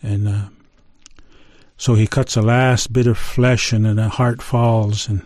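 A middle-aged man telling a traditional creation story in an unhurried, conversational way, with fillers and restarts. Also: fairly low pitch, flat delivery, a little mellow, dry recording, clean studio sound. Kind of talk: oral storytelling of a traditional tale.

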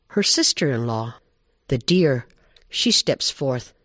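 A man telling an animal folk tale in an expressive, animated way. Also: medium pitch, takes it slowly, long pauses, no echo, studio quality. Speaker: storyteller.

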